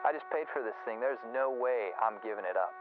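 A man's voice: medium pitch, brisk, narrow, tinny audio. A man acting in an amateur fan film, joking around between takes. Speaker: amateur actor. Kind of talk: fan film blooper chatter and line takes. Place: outdoor film shoot. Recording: noisy outdoor camera audio.

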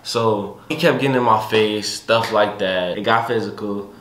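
A young man casually recounting a family conflict in relaxed, slangy speech with many restarts. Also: fairly low pitch, normal speed, echoey room, a little hiss or hum. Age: young adult. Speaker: son telling his story. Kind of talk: casual storytelling.

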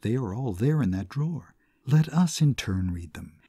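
Male reader as devoted grieving nun, lifted pitch, husky, breaking voice, storybook reading. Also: lively intonation, normal speed, dark tone, no echo, studio quality. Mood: grieving, pleading. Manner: pleading, breaking with grief.

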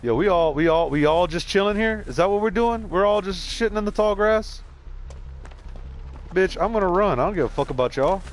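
A man's voice: high-pitched, animated, fairly quick, soft background music. Man, streamer, rambling stories, cursing, casual gaming chat. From San Antonio, Texas. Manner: rambling storyteller, swears a lot.

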